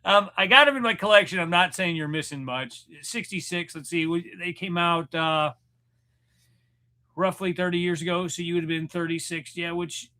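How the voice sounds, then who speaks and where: Rambling, bright-voiced man in his forties. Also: high-pitched, moderate pace. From Missouri, USA. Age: 40s. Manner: rambling, self-deprecating, joking. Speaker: livestream host chatting with viewers. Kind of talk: casual livestream chat. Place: room at home, in front of a mirror.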